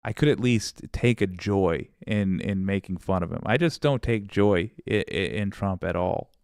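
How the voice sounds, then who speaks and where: Male livestream host, low and gravelly, sarcastic and loose, swears and laughs while reading chat. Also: moderate pace, darkish tone, no echo, clean studio sound. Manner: rambling, sarcastic, swears freely, laughs often. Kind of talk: casual livestream chat reading viewer comments.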